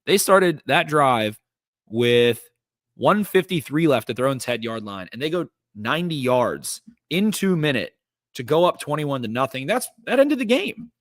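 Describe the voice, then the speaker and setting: A man's voice: mid-range voice, measured pace, no room sound, studio quality. A man hosting a podcast, casually breaking down a football game play by play with lots of fillers. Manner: energetic, recaps plays with lots of fillers. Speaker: podcast host. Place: studio.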